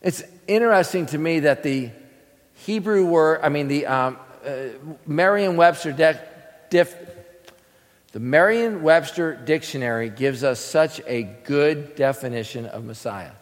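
A man teaches scripture sermon-style to a class, speaking at a measured pace in a fairly high voice that carries a big-room sound. Acting as preacher, he throws questions to the audience and answers them himself.

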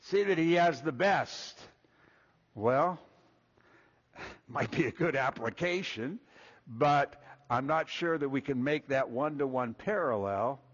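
A man preaching a sermon, folksy and animated, acting out little quoted voices as he walks through Scripture. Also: medium pitch, takes it slowly, pauses often, highs cut off. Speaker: pastor.

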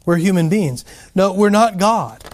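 A man's voice: high voice, animated, a little slow. A man preaching a sermon in a folksy, conversational way, repeating phrases and restarting sentences often. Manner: folksy, repetitive, frequent restarts.

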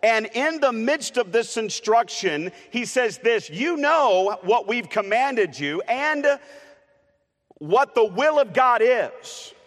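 In a church sanctuary with the long reverb of the hall, a man preaches in a loose, playful style, often saying uh and restarting his sentences as he teases the congregation. His very high-pitched, bit bright voice is expressive and slow.

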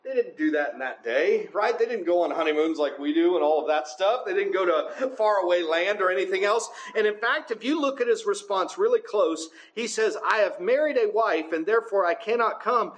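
High-pitched male preacher, conversational sermon delivery. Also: lively intonation, a little fast, few pauses, roomy sound, rough recording. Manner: conversational, often asks the congregation "right?".

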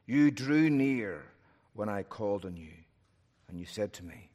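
A man's voice: animated, a little slow, lo-fi sound. Preacher man in an echoing hall. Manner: swings from loud urgent peaks to hushed low phrases. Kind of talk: sermon. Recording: long hall reverb.

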